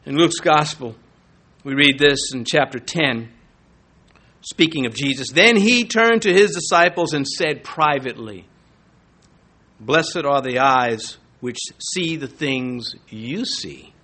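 A male pastor preaching a sermon, emphatic and animated. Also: slow. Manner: animated, emphatic preaching with big swings in pitch.

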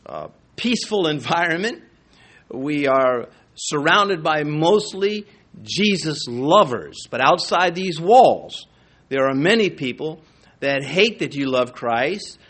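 A man's voice: a little high, a bit bright. A man preaching a sermon as a pastor in a church, talking in a loose, self-deprecating way with frequent restarts.

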